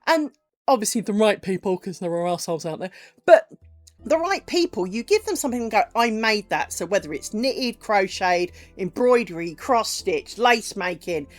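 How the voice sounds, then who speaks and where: A middle-aged woman, chatting casually with viewers during a crafts stream, animated and profane, acting out little conversations. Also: medium pitch, normal speed, faint music behind. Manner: chatty and animated, swears freely, acts out little dialogues. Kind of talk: casual chat with live viewers while crafting.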